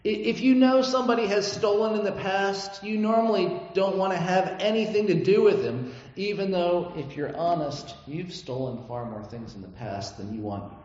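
A man's voice: high-pitched, moderate pace, a little mellow. A man preaching a sermon as pastor, earnest and full of rhetorical questions, recorded in a church sanctuary. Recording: echoey hall, dull lo-fi sound.

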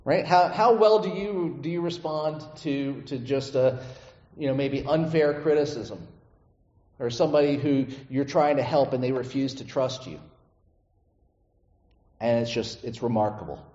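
A male pastor giving a conversational sermon, often checking in with his listeners with a quick question. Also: mid-range voice, mellow. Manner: conversational, asks the congregation "right?" often. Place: church sanctuary. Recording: echoey church hall, dull lo-fi sound.

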